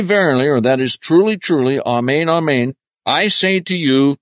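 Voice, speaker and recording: A man preaching a verse-by-verse Bible teaching, slow and emphatic, his voice rising sharply on key words. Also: medium pitch, lively intonation, no room sound. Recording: dull lo-fi dry recording.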